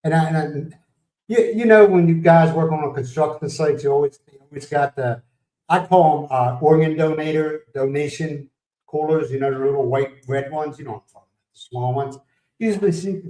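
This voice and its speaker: A man's voice: a little high, normal speed, dark tone, recorded from a distance. American guy rambling on a livestream, laughs a lot, sits back from the mic in a roomy echo. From United States. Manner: rambling storytelling, greets viewers by name, laughs often. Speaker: livestream host. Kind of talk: casual chat.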